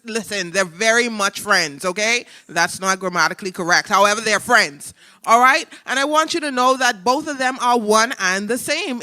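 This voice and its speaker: A man's voice: very high voice, sharp tone. A man, co-hosting a political talk show, chiming in with agreement and earnest explanations. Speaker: co-host. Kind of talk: casual political chat.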